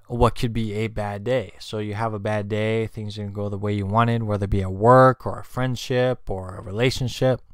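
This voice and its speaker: A man's voice: lowish voice, clear, resonant tone, no echo, studio quality. A man hosting his own channel, chatting casually on a livestream, rambling with many fillers and restarts, with candy in his mouth. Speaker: channel host. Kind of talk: casual spiritual livestream talk.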